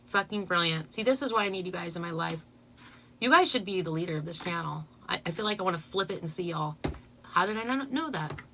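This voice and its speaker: A woman hosting a casual livestream, chatting excitedly with her viewers and laughing as she talks. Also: fairly low pitch, fast talker, slight background noise. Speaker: channel host.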